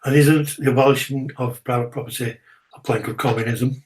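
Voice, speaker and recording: A man appears as a guest in a relaxed interview with a mid-pitched, ordinary voice. He speaks assertively and drops in short agreements while the host talks. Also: brisk, poor audio. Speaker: guest filmmaker. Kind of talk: casual conversational interview.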